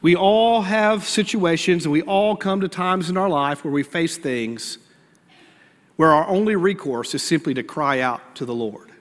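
A man pastor preaching a sermon earnestly, rising for emphasis and dropping to hushed, prayerful lines. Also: fairly high pitch, a little slow, big-room sound.

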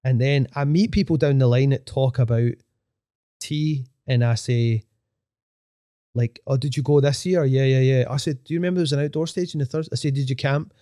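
Male DJ guest, young, mellow, dry close sound, rambles fast and swears freely. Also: mid-range voice, steady tone, no room sound. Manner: fast rambling talk, swearing, full of fillers. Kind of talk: casual chat.

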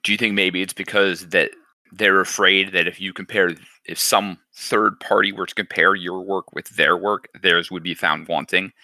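A man's voice: low voice, steady tone, moderate pace, sharp tone, dry recording. A man hosting a casual chat, talking in a reflective, encouraging way. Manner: reflective, encouraging, thinks aloud.

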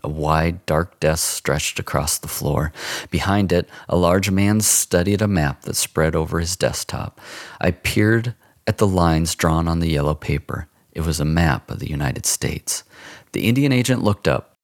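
A man narrating a first-person story in an expressive, dramatic audiobook style. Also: sits low, a little slow, no echo, clean studio sound.

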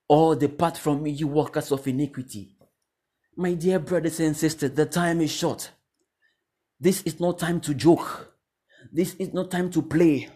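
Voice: mid-range voice, darkish tone, breathy edge. A preacher giving a sermon, exhorting the listeners with repeated questions and refrains that rise into fervent calls. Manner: repetitive exhortation, rising to fervent repeated cries.

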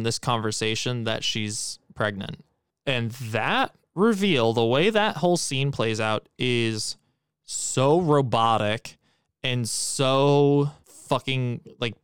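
A man's voice: medium pitch, smooth, no room sound, studio quality. A man co-hosting a podcast, giving a blunt, profane, emphatic movie critique in casual chat. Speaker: podcast co-host.

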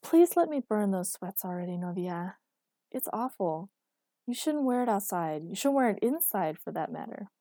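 A woman voicing a dry, patient, exasperated boyfriend with a deadpan delivery. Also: mid-range voice, normal speed, no room sound.

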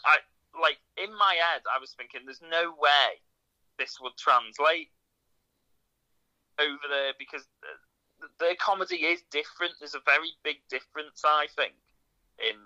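A man's voice: fairly high pitch, normal speed, long pauses, pushed and bright, poor audio. A man co-hosting a casual podcast, talking hesitantly and saying "like" often. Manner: hesitant, heavy use of "like". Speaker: podcast co-host. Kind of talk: casual chat.

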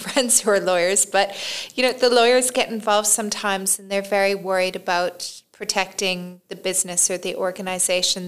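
A woman's voice: mid-range voice, a bit bright. Thoughtful woman podcast co-host. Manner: thoughtful, conversational, hesitant restarts with light laughs. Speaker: podcast co-host, PR and communications professional. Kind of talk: casual discussion podcast.

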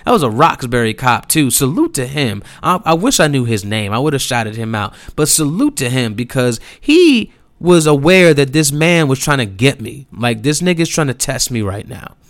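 A man's voice: medium pitch, no room sound. A young man telling a personal story in a casual, slangy and profane way, acting out the people in it. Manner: animated, slangy and profane, acts out quotes.

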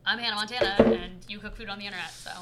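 Playful young woman podcast host, bright. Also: mid-range voice, steady tone, rapid-fire, a little hiss or hum. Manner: playful, teasing, laughs often. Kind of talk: casual podcast chat.

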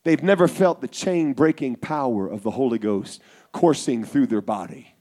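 A man preaching a Pentecostal sermon to young people, telling a story and building to shouted fervor. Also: mid-range voice, moderate pace.

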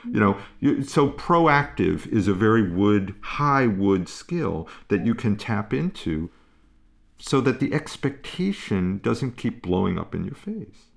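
A man explaining parenting ideas in a calm, musing way, pausing and restarting as he thinks. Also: on the low side, vocal fry. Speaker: parenting expert guest. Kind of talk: conversational explanation.

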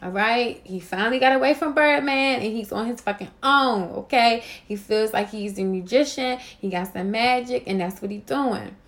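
A woman's voice: on the high side, normal speed, few pauses, fairly bright tone. A young adult woman hosting a podcast, ranting in a casual, profane monologue and repeating catchphrases for emphasis. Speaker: podcast host.

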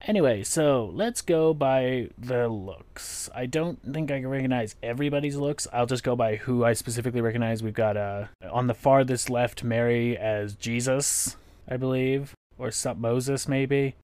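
A man's voice: medium pitch, darkish tone, dry recording. Guy hosting a podcast, swears a lot, dry close mic, does little impressions. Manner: chatty, profane, acts out quick impressions. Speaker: podcast host. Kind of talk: casual podcast chat.

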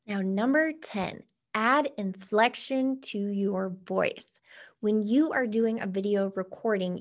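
A woman presenting on-camera tips in a relaxed, instructional tone. Her voice has a gravelly, fry-tinged texture, and she swings her pitch up and down with purposeful pauses. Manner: lively, varied inflection with deliberate pauses. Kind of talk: casual instructional talk to camera. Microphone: camera facing the speaker.

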